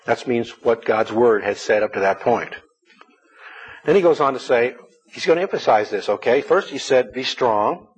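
A man preaches a sermon to his congregation, sharing personal stories in a folksy manner and repeating words as he goes. His medium-pitched voice is expressive and slightly rough at normal speed, captured on a dull, lo-fi recording.

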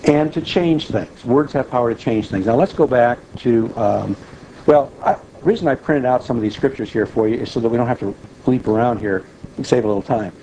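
A man delivers a sermon in a conversational teaching manner, often pausing to check in with his listeners. His voice sits in a middle pitch with a warm, mellow tone. A faint background noise runs underneath. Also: lo-fi sound. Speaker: preacher.

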